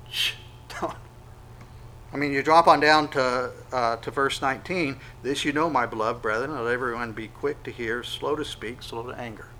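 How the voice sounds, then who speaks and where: A man preaching a sermon, conversational, with sudden loud acted-out quotes. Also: medium pitch, low-quality recording. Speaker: pastor.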